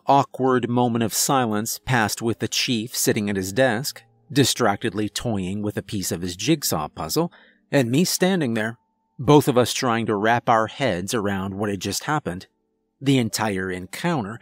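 Slow, steady male horror narrator. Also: mid-range voice, dry recording. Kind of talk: scripted first-person narration.

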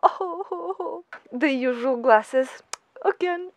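A young woman gushing and squealing through an excited reaction vlog, full of giggles and fangirl exclamations. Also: sits high, measured pace. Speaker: anime vlogger.

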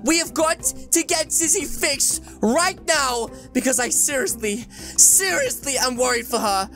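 A woman hosting a game video, narrating a roleplay story in an excitable, theatrical way and talking straight to her viewers. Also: high-pitched, measured pace, soft background music. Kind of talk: playful roleplay narration over gameplay.

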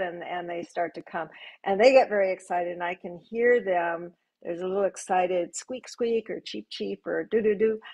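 An older woman talks as a panel guest. She tells her stories gently and reflectively, never in a hurry. Her voice sits at an ordinary middle pitch. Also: low-quality recording. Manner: gentle, reflective, unhurried storytelling. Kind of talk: live panel conversation.

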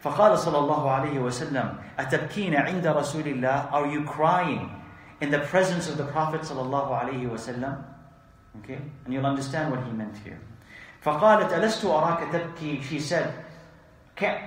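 Brief: male religious teacher, fairly high voice, reads Arabic fast then explains, heavy room echo. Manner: reads Arabic quickly then explains in English, asks rhetorical questions. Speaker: Islamic teacher. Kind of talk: religious lesson explaining hadith. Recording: very echoey room.

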